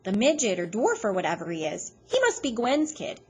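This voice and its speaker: A woman reading aloud, voicing a loud, mocking woman who giggles and taunts. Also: mid-range voice, huge pitch swings, brisk, husky, voice pushed up. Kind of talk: read-aloud storytelling.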